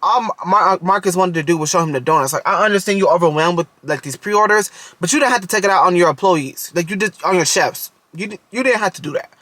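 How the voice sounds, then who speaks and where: A man's voice: sits high, fast talker, few pauses, sharp tone, no room sound. A man casually reviewing a TV show in a video, talking straight to the characters and often breaking into giggles.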